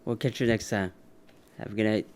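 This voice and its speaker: Smooth-voiced male podcast host. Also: fairly low pitch, steady tone, fairly quick. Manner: wraps up with a scripted outro, laughs easily. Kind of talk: casual interview chat.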